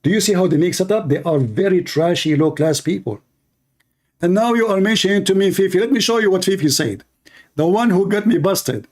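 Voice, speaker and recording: A man's voice: high-pitched, lively intonation, brisk, a little mellow. A man with a tired voice arguing in a heated live-stream debate, combative and mocking, repeating words over and over. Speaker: online debate host.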